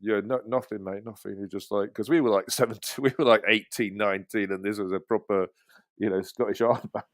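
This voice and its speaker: A man's voice: fairly low pitch, steady tone, a little fast. A man in his fifties from England, a guest telling rambling stories in a casual chat. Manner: rambling storyteller, many restarts and laughs.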